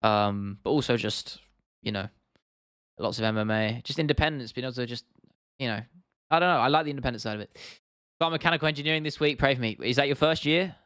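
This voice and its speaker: A man's voice: medium pitch, quick pace, fairly bright tone, clear, resonant tone, dry recording, clean studio sound. A young British man in his twenties, live-streaming casually, rambling, swearing now and then and answering chat comments. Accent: British English. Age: 20s. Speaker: YouTube streamer.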